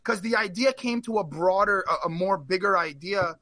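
A man telling a rambling personal story in casual chat on a live stream, animated and full of fillers. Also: sits high, moderate pace, no room sound. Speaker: guest.

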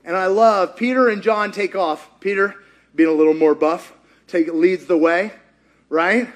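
A man preaching a sermon, retelling a story with animated delivery, acting out quotes and laughing often. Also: sits high, measured pace.

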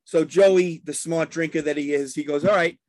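A man's voice: a little high, steady tone, moderate pace, warm tone, a little hiss or hum. A man in a casual chat, rambling through old stories and acting out what people said. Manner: rambling storyteller acting out quotes.

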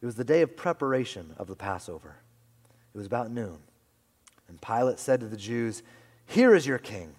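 A man preaching a sermon as pastor, swinging from loud emphatic lines to hushed whispers. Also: lowish voice, expressive, brisk. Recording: long hall reverb.

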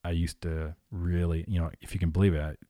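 A very low, mellow-voiced man in his forties speaks as an interview guest. He talks earnestly and thoughtfully, circling back over his words, on a dry close mic. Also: flat delivery, brisk, no echo. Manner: reflective, earnest, repeats himself. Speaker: coach. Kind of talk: conversational interview.

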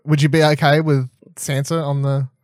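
Aussie bloke rambling on a podcast, swears a lot, trips over words, dead dry sound. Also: male voice, a little high, normal speed, dry recording. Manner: rambling, animated, swears freely, frequent restarts. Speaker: podcast co-host. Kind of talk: casual chat, TV episode predictions.

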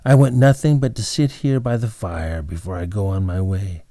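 A man voicing a robber disguised as a feeble old woman, with a hoarse, rasping voice. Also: lowish voice, steady tone, normal speed, mellow, no room sound, studio quality, close to an everyday voice. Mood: pleading. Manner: feeble, pleading, then sly.

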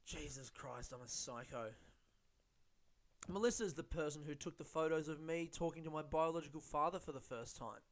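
A slightly high-voiced man talks at a moderate pace on his solo podcast. Using a studio-style mic, he rambles casually, swears often and mocks himself.

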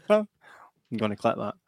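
A man's voice: mid-range voice, big pitch swings, takes it slowly, creaky, no echo, clean studio sound. A middle-aged man with a Scottish accent, co-hosting a casual podcast chat and telling stories with plenty of laughs. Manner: chatty, laughing storyteller. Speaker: podcast co-host.

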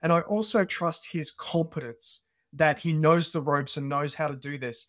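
A man with an Australian accent, a podcast guest who tells stories in an animated conversational way. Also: on the high side, moderate pace, no echo, studio quality. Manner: animated storyteller. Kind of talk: conversational interview.

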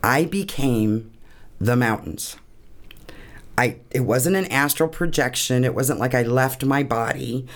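A woman appearing as a guest in an interview tells a deeply personal story earnestly and at a measured pace. She's tearing up, her voice wavering with emotion, yet laughter keeps breaking through.

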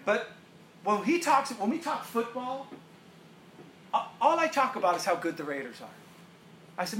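A middle-aged man preaching a sermon as pastor, animated and joking, often laughing. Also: high-pitched, moderate pace, long pauses. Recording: roomy echo, faint room noise.

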